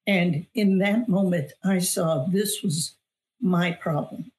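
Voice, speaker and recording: A woman's voice: fairly low pitch, takes it slowly, darkish tone. A middle-aged woman, a guest on an interview show, telling a personal testimony in an earnest, emphatic way, often repeating phrases for weight. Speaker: guest, author and weight loss coach.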